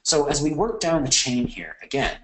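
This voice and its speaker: A man's voice: a little high, very animated, moderate pace, fairly bright tone, a little hiss or hum, poor audio. A man giving a recorded course lecture, talking conversationally with fillers and self-corrections. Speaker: course instructor.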